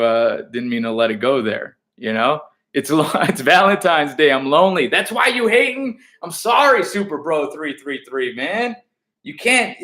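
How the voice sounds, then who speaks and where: A man, a comedian, talking casually on a livestream and reading viewer comments, profane and animated, trash-talking with frequent laughs. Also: mid-range voice, reverberant.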